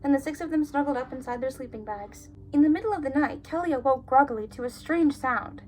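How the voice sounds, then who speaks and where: High-voiced young woman, sarcastic. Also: fast talker, darkish tone, slight background noise. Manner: sarcastic, giggly, incredulous asides. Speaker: vlogger reading her childhood stories. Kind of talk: reading aloud with running commentary.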